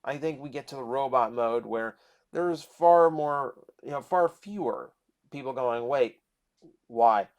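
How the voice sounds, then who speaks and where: A man's voice: mid-range voice, unhurried. A man casually reviewing a toy, chatting and thinking aloud as he transforms it step by step.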